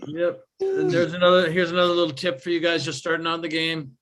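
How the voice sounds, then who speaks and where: A man hosting an open mic comedy show, chatty and quick to laugh. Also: on the high side, lively intonation, background noise. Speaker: host.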